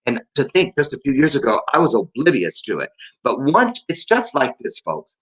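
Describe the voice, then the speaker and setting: A man's voice: mid-range voice, wildly swooping pitch, normal speed, fairly bright tone, husky, low-quality recording. A man hosting a casual live stream, chatty and upbeat, rambling from one story to the next. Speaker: host.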